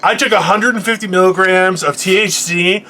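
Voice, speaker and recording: A man in his forties co-hosting a podcast, telling a profane story in an animated casual rant with sudden loud outbursts. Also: sits high, normal speed. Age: 40s. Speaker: podcast co-host.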